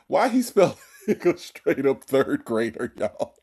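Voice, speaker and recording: Man, host, mocking reaction commentary, gravelly voice, teasing tone. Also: fairly high pitch, sing-song, takes it slowly, long pauses, darkish tone. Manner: mocking, repeats and spells out words.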